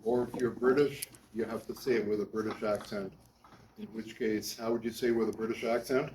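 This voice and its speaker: A man's voice: fairly low pitch, fairly even intonation, brisk, darkish tone, slight background noise. A male university lecturer giving a class lecture, talking with students and often checking in with "right?". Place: lecture hall. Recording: echoey classroom from far off.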